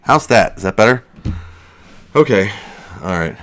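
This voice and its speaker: A man's voice: lowish voice, lively intonation, unhurried, fairly bright tone. A man hosting a casual livestream, out of breath, rambling and joking at his own expense. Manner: rambling, self-deprecating, jokey. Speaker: livestream host.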